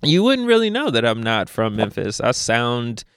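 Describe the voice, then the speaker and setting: A young man from Louisville, a podcast guest, telling animated stories in casual conversation with frequent laughs. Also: medium pitch, clean tone, dry recording, studio quality. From Louisville, Kentucky. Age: young adult. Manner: animated storyteller, laughs often, quick asides.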